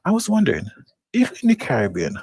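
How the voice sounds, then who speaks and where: Animated husky-voiced man co-host. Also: fairly high pitch, fairly quick, dry recording. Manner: playful, animated storyteller. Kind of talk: lively live-show banter.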